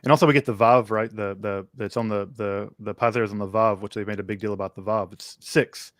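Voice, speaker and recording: A man co-hosting a live text study, explaining in a measured, thoughtful way with frequent fillers. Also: fairly low pitch, fairly even intonation, no echo, studio quality. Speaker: co-host of a text study livestream. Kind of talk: conversational scholarly explanation.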